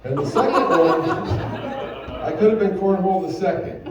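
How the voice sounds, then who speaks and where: A man's voice: high voice, lively intonation, measured pace, far from the mic, muffled recording, crowd noise. Rambling stand-up man in an echoey club. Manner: rambling, filler-heavy storytelling with crude punchlines. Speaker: stand-up comedian. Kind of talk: stand-up comedy set. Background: audience laughter.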